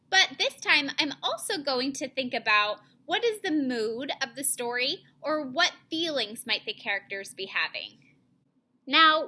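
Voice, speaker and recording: A woman teacher giving an online reading lesson to children, modeling reading aloud in a slow, clearly paced way. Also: high voice, bright, forceful tone.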